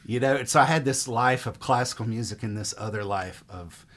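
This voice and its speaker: A middle-aged man from Mississippi, telling stories in a rambling, relaxed way as a musician guest in an interview. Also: medium pitch, brisk. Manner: relaxed, rambling, frequent fillers. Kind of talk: casual interview storytelling.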